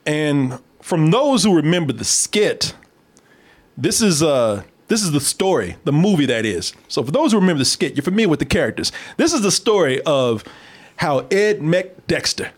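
An animated man with a high voice that climbs and dips all over the place. He hosts a loose, jokey film review and breaks into laughter often. His talk is casual and peppered with swearing. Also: moderate pace. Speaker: podcast host reviewing a film. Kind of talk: casual comedic review chat.

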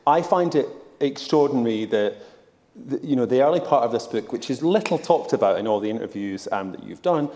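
A man's voice: mid-range voice, lively intonation, a little fast, dark tone, in a large hall. A man hosting an on-stage interview, asking questions with wry jokes. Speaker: interviewer, event host.

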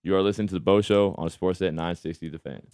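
Laid-back man hosting sports radio, low voice. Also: fairly even intonation, fast, very noisy. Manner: laid-back, laughing, calls people man and brother. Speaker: radio show host, football quarterback. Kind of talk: casual sports radio chat. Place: radio studio. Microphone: studio microphone.

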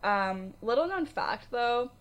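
A woman's voice: a little high, lively intonation, slow pace, a bit bright. A woman in her twenties, from Canada, co-hosting a casual podcast, chatty with many fillers and frequent laughter. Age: 20s. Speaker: podcast co-host.

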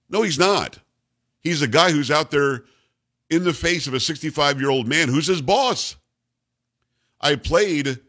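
In a mid-range, slightly bright voice, a middle-aged man who hosts a radio talk show gives an opinionated monologue on sports news. He is blunt and emphatic and keeps repeating himself.

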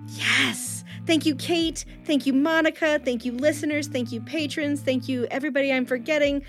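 Woman, podcast host, effusive, laughs easily, slightly high voice, faint music behind. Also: steady tone, moderate pace. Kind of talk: casual podcast hosting.

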